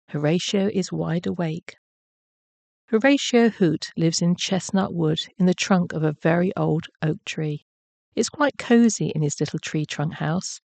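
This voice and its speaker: A woman narrating a children's bedtime story in a gentle, measured way. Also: lowish voice, creaky, no room sound.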